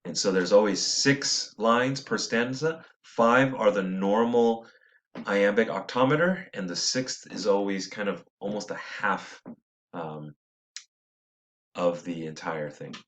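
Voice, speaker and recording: A man with a lowish voice gives an unhurried poetry lesson. He reads the verse slowly, beat by beat, and pauses to correct himself as he goes along. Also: a bit bright. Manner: unhurried, thinking aloud with fillers and self-corrections. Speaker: teacher.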